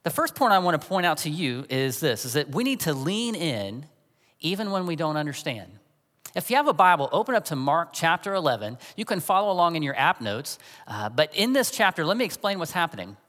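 A man's voice: fairly high pitch, sing-song, fairly quick, fairly bright tone, big-room sound. A man in his forties preaching a sermon as a pastor, talking in a conversational, storytelling way.

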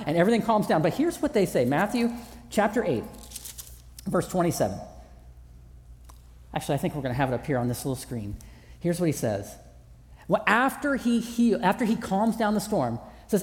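A man's voice: high-pitched, very animated, moderate pace, pauses often, darkish tone. A man preaching a sermon as pastor in a large church auditorium, conversational with self-deprecating humor. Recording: long hall reverb.

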